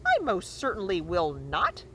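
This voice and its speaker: A woman's voice: fairly low pitch, sing-song, unhurried, a bit bright, slight background noise. A woman voicing an indignant, bossy old female goose who scolds and lectures. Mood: scolding.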